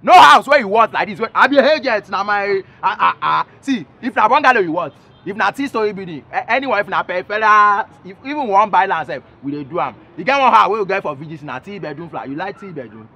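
Fast, high-voiced boastful Nigerian hustler. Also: male voice, lively intonation, sharp tone. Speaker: comedian playing a hustling agent. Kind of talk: comic sketch in pidgin.

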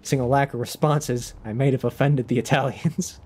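A man's voice: mid-range voice, steady tone, moderate pace, darkish tone. A young man streaming a video game, chatting casually in a rambling, self-conscious way. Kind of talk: casual livestream chat.

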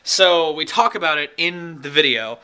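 A man's voice: a little high, lively intonation, normal speed, bright, forceful tone, clean tone, poor audio. A young man talking casually in a daily vlog, rambling and opinionated, swearing freely. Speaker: vlogger.

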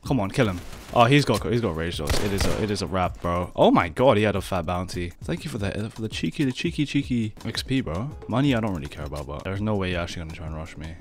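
A young man with a very low voice narrates his gameplay in a dry, exasperated way, just out of bed and short on energy. His tone rises and falls a lot, jumping from flat mutters to sudden high yelps, and faint music plays behind him. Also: quick pace. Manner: sarcastic, exasperated, says "bro" constantly. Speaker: gaming video creator. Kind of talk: casual gameplay commentary.

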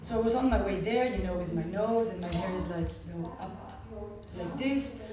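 A woman's voice: mid-range voice, a crowd in the background. Israeli woman medical clown telling a story, laughs a lot, far off mic, big echoey hall w audience noise. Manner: animated storyteller, laughs often, halting restarts. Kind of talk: personal story told to a panel audience.

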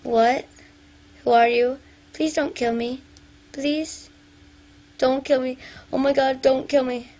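A woman's voice: sits high, fairly even intonation, slow pace, long pauses, warm tone. A young woman chatting casually over her gameplay, talking to viewers and singing bits of songs. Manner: chatty, sings along to pop songs, talks to viewers. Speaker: gaming video maker.

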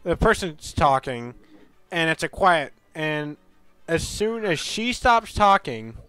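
A man hosting a game stream, chatting casually and telling rambling, animated stories. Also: on the high side, slow pace, smooth, dry recording, faint music behind. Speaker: streamer host. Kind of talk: casual gaming chat.

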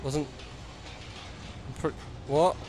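A man's voice: very slow, dark tone, slight background noise. A man giving jumpy, cursing commentary on a horror game, yelping at scares. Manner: jumpy, swears and yelps at scares. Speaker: let's play gamer.

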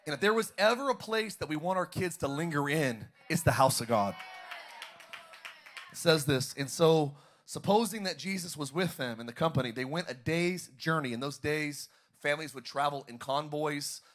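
A man's voice: on the high side, expressive, moderate pace, fairly bright tone, a little hiss or hum. Man preaching with call-and-response. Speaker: pastor. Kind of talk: sermon. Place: large church auditorium.

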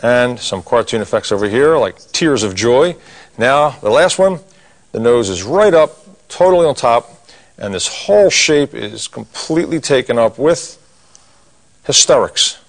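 A middle-aged drawing instructor leads a cartoon lesson, explaining every step while he draws and tossing in corny jokes. His folksy, medium-pitched voice is animated and runs a little slow.

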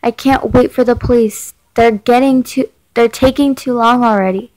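A woman's voice: a little high, steady tone, normal speed, a little mellow, close to an everyday voice, poor audio. A woman reading aloud as a frightened teenage girl who keeps pressing her mother with anxious questions in a chat story. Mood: scared.

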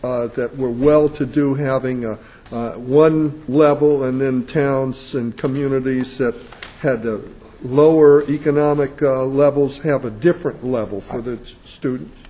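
A man's voice: medium pitch, fairly even intonation, a little slow, warm tone. A man questioning an attorney as a judge in court, probing and interjecting with brief restarts. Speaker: appellate judge questioning counsel.

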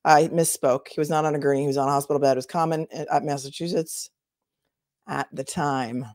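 A woman's voice: sits low, fairly even intonation, a little fast, a little mellow, no room sound, clean studio sound. A woman attorney hosting a casual livestream, chatting and answering viewer comments as she thinks aloud.

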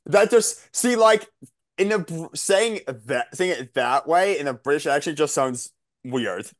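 A co-host chats on a podcast in a jokey way, stumbling over words as he goes. His voice sits at a middle pitch. The sound is dry and close to the mic. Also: expressive, measured pace, dry recording. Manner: stammering, self-deprecating, jokey. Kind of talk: casual group chat.

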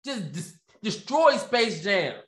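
A man's voice: high-pitched, sing-song, slow pace, a bit bright. A man hosting his own commentary show, ranting with sarcasm and repeating phrases for emphasis. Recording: echoey room.

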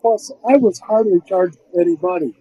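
An older man, a film composer, telling rambling, animated stories in a casual interview, with many restarts and fillers. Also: high voice, moderate pace, slightly rough, low-quality recording.

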